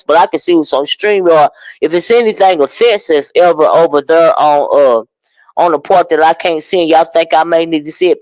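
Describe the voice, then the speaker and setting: A man hosting a casual livestream, chatting about online drama and greeting viewers in the chat with drawn-out exclamations. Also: medium pitch, no echo, rough recording. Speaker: livestream commentary host. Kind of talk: casual livestream gossip commentary.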